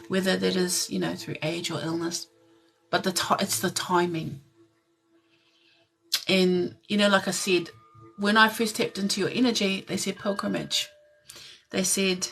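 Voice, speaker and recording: A woman giving a live tarot reading in a soft, gentle way, pausing often and sometimes tearful. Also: fairly low pitch, creaky. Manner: emotional, tearful at times. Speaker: tarot reader.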